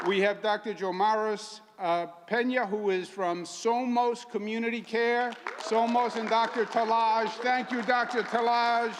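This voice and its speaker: A man's voice: very high voice, steady tone, measured pace, hardly any pauses, big-room sound, noisy background. A man in his sixties with a Queens New York accent gives an emphatic, folksy public speech to a crowd at an outdoor event. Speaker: governor.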